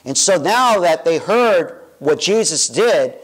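A man's voice: on the high side, animated, slow, rough recording. A young adult man preaching as pastor in a church, informal and chatty, with self-corrections and asides. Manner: directs volunteers in a playful way. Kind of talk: sermon. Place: church sanctuary.

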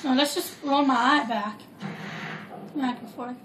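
A woman's voice: high voice, measured pace, noisy background. A woman giving rambling, jokey, casual commentary while playing a video game. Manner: rambling, chatty, jokey asides. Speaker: gameplay commentator. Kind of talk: casual let's play commentary. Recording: roomy echo with loud game music.

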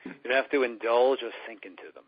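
Man, radio interview guest, husky voice, earnest, dull lo-fi sound. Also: medium pitch, steady tone, a little fast. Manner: earnest, repetitive, acts out inner voices. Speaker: guest, spiritual teacher.

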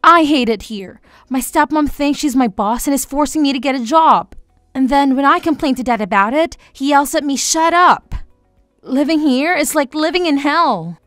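Woman voicing a high bright pleading teenage girl. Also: expressive, moderate pace, dry recording, studio quality, soft background music. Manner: pleading, tearful. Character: desperate teenage girl begging her mother.

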